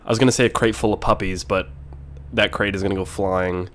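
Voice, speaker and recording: A man hosting a casual let's-play video while sick, clearing his throat often, excitable and quick to yell and swear when things go wrong. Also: sits low. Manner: excitable, swears and yells at mishaps. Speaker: gaming video host.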